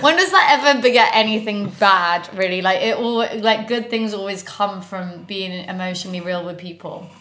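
A woman's voice: mid-range voice, normal speed, hardly any pauses, fairly bright tone. Chatty young British woman, full of laughs. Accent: British English. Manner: chatty, laughs often, heavy filler "like". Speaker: podcast co-host. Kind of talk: casual chat.

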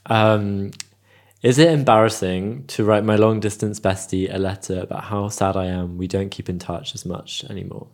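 A man with a British accent co-hosting a podcast in casual chat, soft-spoken with dry joking asides. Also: lowish voice, steady tone, normal speed. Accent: British English. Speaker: podcast co-host.

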